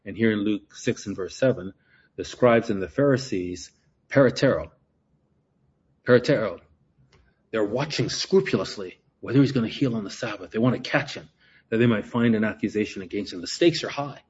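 A man's voice: lowish voice, moderate pace, a little mellow, breathy edge, highs cut off. A man teaching a Bible passage verse by verse, explaining Greek words and often repeating himself as he works through a point.

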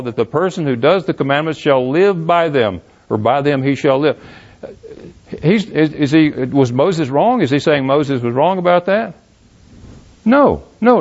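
A man works through scripture verse by verse, asking pointed questions and rereading passages. His voice sits a little high, and the recording sounds dull and lo-fi. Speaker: Bible teacher. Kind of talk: verse-by-verse Bible teaching.

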